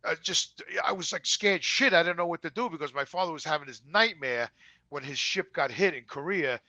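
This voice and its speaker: Bright-voiced rambling New man in his 60s. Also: fairly high pitch, a little fast, dry recording, poor audio. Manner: rambling, repeats words and says "you know" a lot. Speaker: podcast co-host. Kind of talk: casual storytelling chat.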